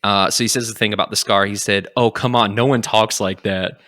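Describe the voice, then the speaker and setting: A young man hosts a casual podcast, retelling a story with plenty of energy. His voice sits a touch low but comes across bright and forceful. He keeps slipping into quoted lines of dialogue as he goes. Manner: animated, acts out lines in quick quotes. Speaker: podcast host.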